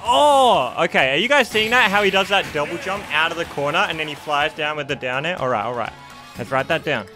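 Casting note: young man, gaming streamer, bright forceful voice, fairly high, faint music behind. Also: a little fast. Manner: excitable, reacting loudly to plays. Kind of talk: live gameplay commentary.

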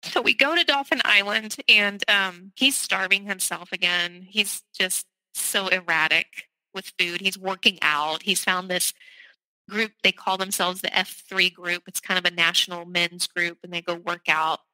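A woman's voice: lowish voice, fairly even intonation, unhurried, sharp tone, no room sound, low-quality recording. A middle-aged woman from the South, a podcast guest candidly and urgently recounting a personal story. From American South.

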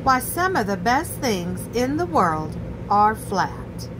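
A cheerful, fussing mother from a children's book, full of bright cautions, as a woman reading aloud plays her. Her voice rises high and lilts up and down. She sounds sweet and attentive. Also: very animated, slow pace, background noise.

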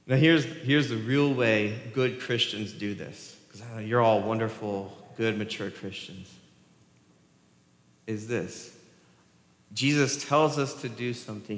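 A man in a church sanctuary delivers an animated, conversational sermon at a middle pitch. He often checks in with the congregation. His voice carries the echo and long reverb of a big hall. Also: a little slow. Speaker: pastor.

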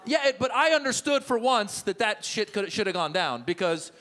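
A middle-aged man born in Iran, doing a stand-up set with crowd work on a comedy club stage, animated and quick to slip into loud put-on voices. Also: high voice.

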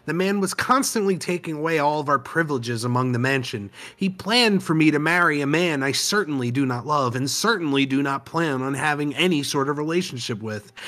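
A man's voice: fairly high pitch, animated, brisk, hardly any pauses, a bit bright. A man voicing a cold, haughty rich daughter. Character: scornful rich young woman, cold.

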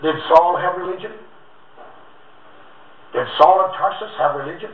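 A man's voice: high-pitched, moderate pace. A man preaching a fiery revival sermon as an evangelist, with rhythmic, alliterative phrasing that swells and drops. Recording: tinny, echoey, distant old recording.

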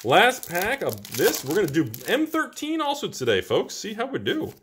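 A man hosting a casual pack-opening video, chatting excitedly to viewers and cracking jokes between cards. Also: sits high, moderate pace, slight background noise. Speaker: card-opening channel host.

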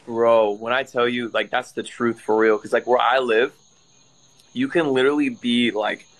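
A man from Florida chatting on a livestream, excitable and slangy, calling the other man "bro" and "dude". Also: mid-range voice, normal speed, rough recording. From Florida, USA. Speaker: livestream guest. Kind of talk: casual livestream chat.

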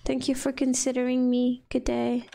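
A woman voicing a worried immigrant husband who pleads politely in a job interview, in her own high voice. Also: completely flat delivery, normal speed, gravelly, warm tone.

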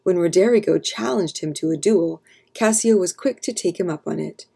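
A woman narrating an abridged classic play as a calm, steady read-aloud story for children. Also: on the low side, normal speed, gravelly, slightly rough. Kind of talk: scripted narration.

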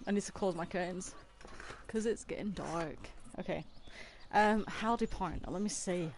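A woman's voice: lowish voice, moderate pace, a little mellow, a little hiss or hum. A woman streaming a game from her room, chatting and giggling with her viewers. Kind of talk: casual livestream chat while playing. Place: her own room at home.

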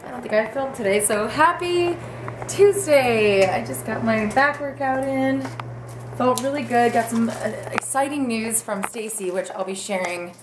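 A woman's voice: on the high side, unhurried, noisy background. A young woman vlogging at home, chatting casually and rambling from topic to topic. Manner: bubbly, rambling, talks to her dogs in a baby voice. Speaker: fitness vlogger. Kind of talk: casual vlog chat to camera.

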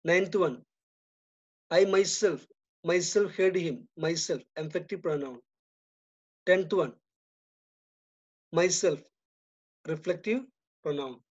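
A man with an Indian English accent teaching a grammar lesson, reading each example sentence and then giving the answer more quietly. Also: fairly high pitch, takes it slowly, long pauses. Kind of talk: slow, deliberate grammar lesson. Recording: dull lo-fi recording.

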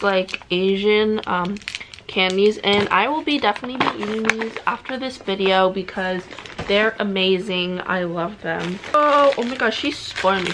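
A young woman vlogging as she unboxes gifts, gushing and excitable, full of "oh my god" and "like". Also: mid-range voice. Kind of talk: casual unboxing vlog. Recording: clear background noise.

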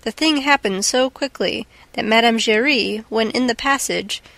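A woman narrating a classic novel as an audiobook in a steady, measured reading. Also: a little high, no echo. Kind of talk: scripted narration.

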